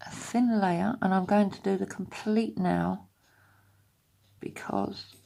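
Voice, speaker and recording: This nail art vlogger speaks slowly in a warm, creaky, medium-pitched voice with a steady tone. Sitting at her home desk, she chats and explains each step of a casual nail tutorial, sometimes lowering to a half-whisper.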